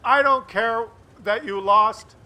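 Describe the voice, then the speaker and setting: A man commentating a tank game replay, animated and loud at big moments. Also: very high voice, slow pace, highs cut off. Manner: animated, shouts and laughs at big shots. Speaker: gameplay commentator.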